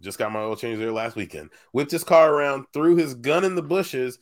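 A man's voice: medium pitch, lively intonation, moderate pace. A man on a casual podcast, telling stories and laughing often. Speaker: podcast co-host. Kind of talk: casual chat.

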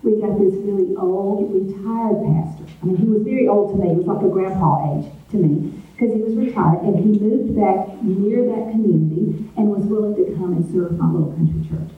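A woman's voice: medium pitch, moderate pace. A middle-aged woman giving her testimony as a retreat speaker, telling her story in an earnest way and acting out her own replies. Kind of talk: testimony sermon. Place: large meeting hall. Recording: echoey hall from far off, phone-like sound.

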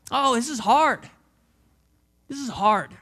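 A man in his thirties preaching a sermon as a pastor, passionate and repetitive, dropping from loud emphasis to hushed near-whispers. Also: very high voice, animated, slow pace, husky.

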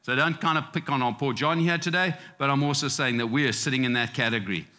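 A man's voice: mid-range voice, quick pace, sharp tone. A man who grew up in Zimbabwe preaching a sermon in a loose, conversational way, chuckling often and restarting phrases. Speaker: pastor. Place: church sanctuary. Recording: long reverb of a church hall.

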